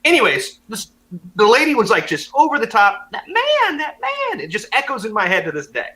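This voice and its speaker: Lively, bright-voiced young man telling a story. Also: high-pitched, brisk, a little hiss or hum, low-quality recording. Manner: animated, acts out voices and laughs often. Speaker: podcast co-host. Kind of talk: casual storytelling chat.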